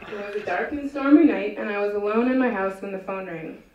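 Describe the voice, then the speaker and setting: A woman reading her own short stories aloud at a live literary event, with a wry, deadpan delivery. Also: medium pitch, fairly quick, slight background noise. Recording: dull, echoey room from far off.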